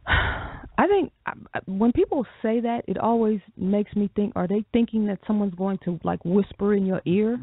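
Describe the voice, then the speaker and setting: Measured, gravelly-voiced woman co-host heard over a phone line. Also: mid-range voice, no echo. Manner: reflective, measured, frequent ums. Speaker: radio show co-host. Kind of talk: call-in radio talk. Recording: dry tinny phone line.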